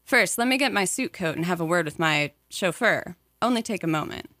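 A woman's voice: fairly low pitch, a little fast, no room sound, clean studio sound. A woman reading aloud, voicing a charming, polite young man who is a stranger on the road. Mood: smooth, polite. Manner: warm and polite, then excited. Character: charming smooth-talking young man, fugitive.

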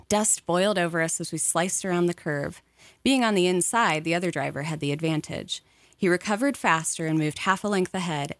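A woman narrating a memoir audiobook in a measured, even storytelling manner. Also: fairly low pitch, no echo.

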